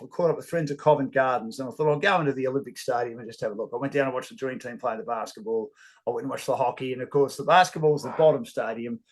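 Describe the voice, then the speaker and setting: A middle-aged Australian man, a sports broadcaster, telling stories in an interview with plenty of casual fillers. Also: mid-range voice. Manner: animated storyteller, casual filler words. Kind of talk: storytelling interview.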